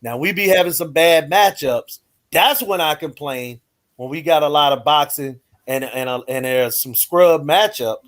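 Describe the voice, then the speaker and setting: A man's voice: fairly high pitch, normal speed, fairly bright tone. A man co-hosting a casual chat, rambling with many filler phrases.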